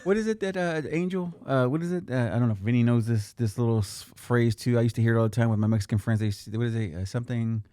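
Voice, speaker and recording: A man's voice: mid-range voice, quick pace, few pauses, warm tone, no room sound, studio quality. A man co-hosting a podcast in casual chat, rambling and swearing freely with lots of restarts. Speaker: podcast co-host.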